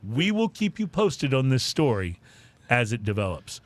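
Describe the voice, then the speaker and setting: A man hosting a podcast, reading drinking news with deadpan jokes. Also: mid-range voice, normal speed, no echo. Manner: animated, deadpan joking delivery. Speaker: podcast host.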